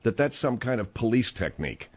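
A man's voice: mid-range voice, very animated, fairly quick. A man hosting a late-night radio talk show, blunt and conversational at a studio mic.

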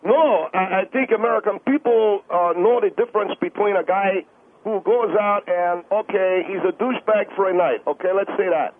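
Rambling high-voiced radio caller. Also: male voice, moderate pace. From Minneapolis–Saint Paul, US Midwest. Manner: rambling, interrupting, hesitant fillers. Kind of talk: heated call-in debate. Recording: tinny phone line with faint noise.

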